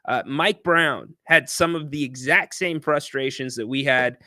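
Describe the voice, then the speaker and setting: A man's voice: medium pitch, measured pace, pushed and bright, no echo, studio quality. A man hosting a casual sports talk livestream, chatting animatedly and reading viewer comments aloud. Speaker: sports talk show host.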